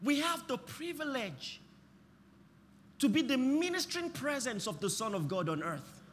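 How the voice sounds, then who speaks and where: Impassioned high-voiced preacher man, shouting bursts. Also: big pitch swings, normal speed, in a large hall, a little hiss or hum. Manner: impassioned, shouting bursts, repeating lines for the congregation. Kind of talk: sermon.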